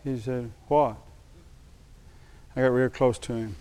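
A man's voice: mid-range voice, steady tone, clear, resonant tone. Older man preaching with a storytelling flow. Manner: storytelling, slows down for emphasis, drops to a hushed tone when moved. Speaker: pastor. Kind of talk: sermon.

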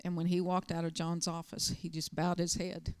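A woman's voice: fairly low pitch, completely flat delivery, normal speed, smooth, no echo. A middle-aged woman pastor preaching a sermon, telling stories with emphatic, urgent bursts. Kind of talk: sermon with personal storytelling.

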